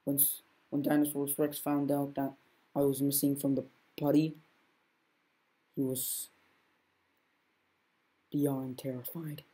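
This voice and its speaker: Slow, low-voiced woman telling a story. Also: flat delivery, dark tone, slightly rough. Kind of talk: first-person story narration.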